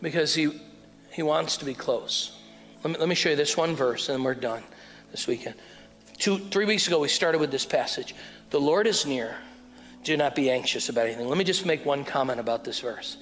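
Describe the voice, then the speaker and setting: A middle-aged man preaching a sermon on a mic, calling out to the congregation and swinging from loud to hushed. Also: fairly high pitch, fairly quick. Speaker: pastor. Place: church hall. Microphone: wearing a mic. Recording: sermon in a hall with music.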